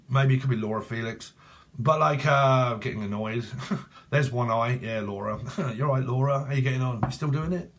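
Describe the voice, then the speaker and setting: A man's voice: mid-range voice, slightly rough. A man, giving a casual online tarot reading in a blunt, profane way and laughing often. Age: 40s. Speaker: tarot reader.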